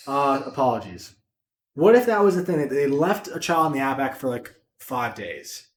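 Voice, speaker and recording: Animated, profane young man in an echoey room. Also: medium pitch, normal speed. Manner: animated, profane, rambling jokes. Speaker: podcast co-host. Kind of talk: casual chat.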